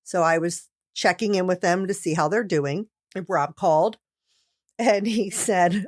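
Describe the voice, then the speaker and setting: A woman's voice: on the low side, normal speed, no room sound. Laughing woman podcast co-host, dry sound. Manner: storytelling, laughs often. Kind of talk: casual chat.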